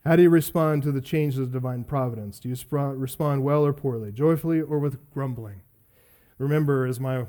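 Preaching in a medium-pitched voice with a darkish tone, a middle-aged pastor mixes earnest questions with personal stories. His humor in those stories is self-deprecating, and the talk is a sermon.

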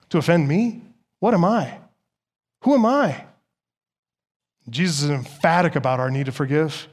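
A man preaching a sermon as pastor, emphatic and full of rhetorical questions, rising loud and dropping soft. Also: sits high.

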